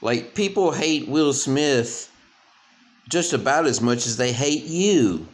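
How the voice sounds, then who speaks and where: A man's voice: medium pitch, lively intonation, takes it slowly, roomy sound. A man giving crude, scornful reaction commentary in a ranting manner.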